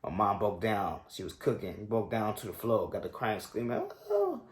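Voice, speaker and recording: On his sports show, a man in his twenties with a somewhat low voice shares a personal story at a moderate pace. He sounds casual and reflective, using loose slang and lots of fillers. The room gives the recording a noticeable echo.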